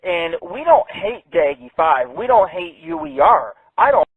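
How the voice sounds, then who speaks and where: A man's voice: high-pitched, big pitch swings, unhurried, husky, dry recording. A man hosting an internet radio show, ranting brashly and swearing a lot. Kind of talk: profane call-in radio rant. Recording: tinny phone-like dry sound.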